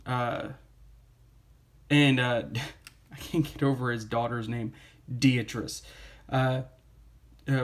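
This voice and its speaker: A man's voice: mid-range voice, level tone, slow, long pauses. Rambling man reviewing a comic book. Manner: rambling, many fillers, reads quotes aloud. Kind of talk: casual spoken review.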